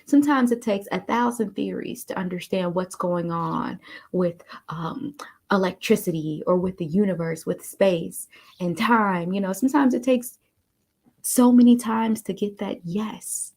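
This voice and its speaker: A woman telling a story to encourage listeners, animated and chatty, often calling them "you all.". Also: medium pitch, unhurried. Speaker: motivational speaker. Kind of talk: casual motivational storytelling.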